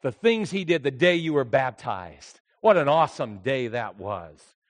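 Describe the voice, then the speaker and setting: An older man, a pastor, preaching a sermon as a story, moving from hushed reflection to near-shouting. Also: medium pitch, animated, unhurried.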